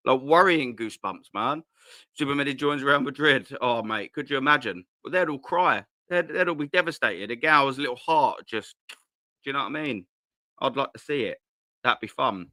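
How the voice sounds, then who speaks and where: Speaking into a cheap desk mic at his laptop, this home live-stream host rambles casually, swearing and slinging slang. His pitch is medium and his tone sharp. Despite the setup, the audio is clean, studio-like, and echo-free.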